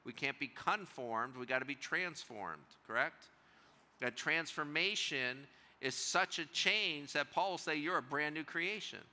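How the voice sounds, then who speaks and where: A man, a pastor leading a Bible study, teaching in a conversational way, asking the room questions and slowing down to stress key words. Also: a little high, pushed and bright. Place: church room with a seated group.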